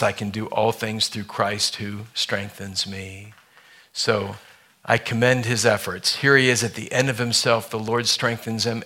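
A man preaching a sermon to his church, reading scripture aloud and slowing down for dramatic effect. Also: lowish voice, sharp tone. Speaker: pastor.

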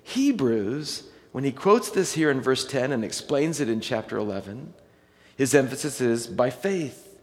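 Male pastor, mid-pitch, relaxed sermon delivery, long church reverb. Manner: conversational, reads scripture slowly and deliberately.

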